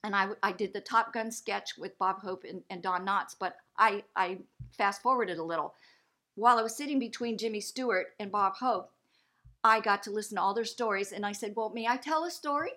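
Animated woman telling a story. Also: moderate pace. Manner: lively, acts out quoted voices with big pitch jumps. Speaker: guest.

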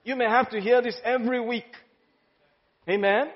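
A pastor preaching an exuberant, laughing sermon in a large church hall. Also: male voice, very high voice, fairly even intonation, normal speed. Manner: exuberant, laughing, exclaims hallelujah. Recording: muffled sound, long hall reverb.

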